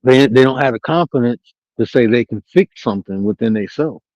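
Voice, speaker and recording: A man talking bluntly and profanely from home on a live-stream panel, telling animated stories with laughter. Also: mid-range voice, a little fast, dry recording, muffled recording.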